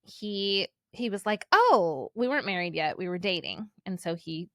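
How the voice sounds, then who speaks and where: A woman in her forties from Indiana, co-hosting a podcast and telling a family story in an animated way, laughing often. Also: medium pitch, moderate pace, no room sound, clean studio sound. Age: 40s. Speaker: podcast co-host. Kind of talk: casual chat.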